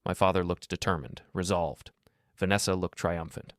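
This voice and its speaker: A man narrating a first-person story in a steady, scripted storytelling voice. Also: deep voice, normal speed, no echo, studio quality.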